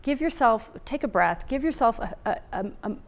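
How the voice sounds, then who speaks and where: A woman's voice: a little high, expressive, moderate pace, vocal fry. A middle-aged woman giving a casual, conversational talk on relationships as an author and speaker, with many fillers and restarts.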